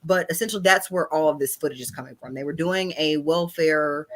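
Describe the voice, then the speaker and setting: A podcast co-host in their thirties chats in a relaxed, conversational way. They laugh easily and drop in quick apologetic asides. The pitch sits in a mid range. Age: 30s. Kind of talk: casual chat.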